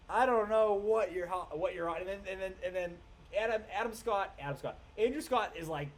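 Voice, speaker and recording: A man ranting casually about a film, rambling, swearing and tripping over names as he gets excited. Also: high voice, fairly quick. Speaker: film reviewer. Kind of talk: casual rant review.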